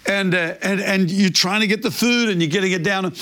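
A man preaching a sermon, telling a story in a lively, animated way. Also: high-pitched, a little fast. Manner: animated storyteller, imitates barking dog. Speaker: pastor.

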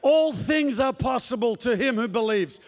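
High-voiced preacher in a reverberant hall. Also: male voice, animated, moderate pace, faint music behind. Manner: impassioned, acts out the lines he quotes. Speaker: pastor. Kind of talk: sermon. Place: church hall with a congregation.

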